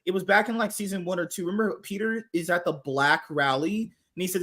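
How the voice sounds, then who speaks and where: A man in a casual podcast conversation who eagerly jumps in to retell things he has seen. His voice sits a little high. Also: quick pace, hardly any pauses, a bit bright. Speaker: podcast guest. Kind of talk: casual group chat.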